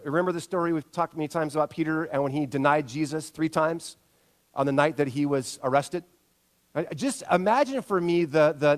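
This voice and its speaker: A pastor in his thirties preaches with a high, bright-edged voice. He tells stories with lots of energy and keeps asking his listeners for a nod. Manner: storytelling, animated, asks the audience for agreement. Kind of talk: sermon.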